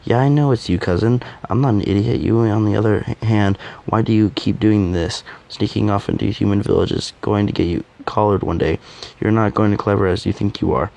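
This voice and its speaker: A man voicing a sharp-tongued young woman who scolds her cousin in an exasperated way in a fan audio drama. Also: fairly low pitch, fairly even intonation, fairly quick, gravelly. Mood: scolding.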